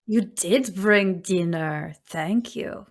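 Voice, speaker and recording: A woman voicing a huge, menacing ancient witch, loud and gruff. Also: mid-range voice, slow pace.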